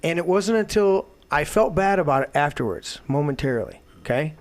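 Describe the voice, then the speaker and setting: A man hosting a talk show, delivering a heated, profane political rant that swings into loud outbursts. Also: a little high, expressive, brisk. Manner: profane, emphatic, swings to shouting. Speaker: show host.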